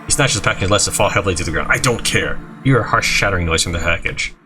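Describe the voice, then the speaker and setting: Deep-voiced and rapid-fire, this gaming YouTuber plays a video game against background noise. He reads the dialogue out loud in an animated way, leaping between character voices and asides.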